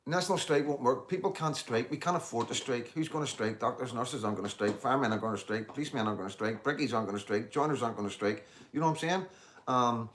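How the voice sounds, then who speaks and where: A man's voice: medium pitch, fast, fairly bright tone, a little hiss or hum. A man, hosting a casual livestream and talking bluntly to viewers, swearing freely as he reads out their comments. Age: 50s. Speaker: livestream host.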